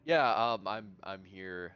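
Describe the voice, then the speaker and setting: A man's voice: sits low, lively intonation, slow pace, clear, resonant tone, highs cut off. A man playing his character in a tabletop role-play game, hesitant and polite, with many ums. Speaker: player.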